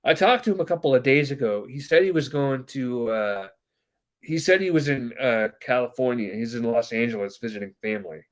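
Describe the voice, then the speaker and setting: Talking fairly quickly in a mid-range voice, a man hosting a podcast rambles through a long family story in relaxed conversation, using lots of fillers and performing the quoted voices.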